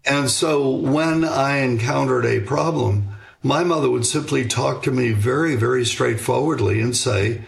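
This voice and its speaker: There's vocal fry in his medium-pitched voice as this older guest author on parenting discusses raising children in an interview. He answers reflectively and at a measured pace, pausing on fillers and starting sentences over.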